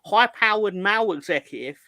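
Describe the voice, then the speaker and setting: Bright-voiced man chatting casually on a podcast. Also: sits high, expressive, brisk, no room sound. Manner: rambling, jokey, crude. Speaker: podcast co-host. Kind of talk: casual chat.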